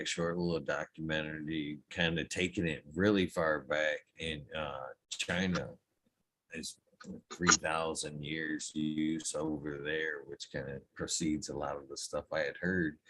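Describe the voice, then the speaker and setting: A man hosts a laid-back podcast, asking his guest questions in a loose, chatty way. He gets animated and swears freely as he tells stories. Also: low voice, low-quality recording. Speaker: podcast host. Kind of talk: casual chat.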